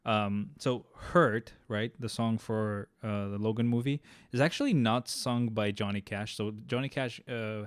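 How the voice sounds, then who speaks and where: A man's voice: on the low side, clean tone, no echo. A man streaming a game and rambling casually, with loose, chatty talk full of fillers and restarts. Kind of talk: casual rambling chat while gaming.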